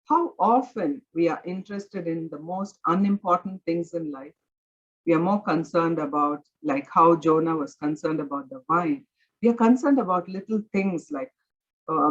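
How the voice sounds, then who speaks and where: A woman's voice: fairly low pitch, slightly rough, highs cut off. A woman teaching a Bible study in an earnest, conversational way, often using filler words as she explains. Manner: earnest, conversational, many "you know" fillers.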